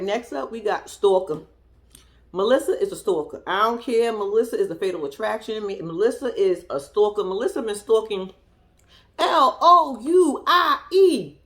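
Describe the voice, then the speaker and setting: A woman recapping a reality show in casual reaction commentary, sassy and profane, talking straight to her viewers and swinging between loud outbursts and low muttered asides.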